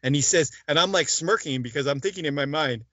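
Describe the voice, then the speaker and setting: A man's voice: on the high side, quick pace, fairly bright tone, dry recording. A man being interviewed, animatedly recounting events and acting out the dialogue with frequent "like" and "I go". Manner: retells scenes with quoted dialogue, many "like" and "I go" fillers. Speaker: interview guest. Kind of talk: animated storytelling in conversation. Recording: dull lo-fi dry sound.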